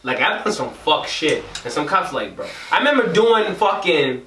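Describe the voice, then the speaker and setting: A man's voice: on the high side, normal speed. A young man telling a story in casual podcast chat, acting out quotes with lots of swearing. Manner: animated storyteller, acts out quotes, heavy swearing. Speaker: podcast co-host. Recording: roomy, distant mic with crowd noise behind.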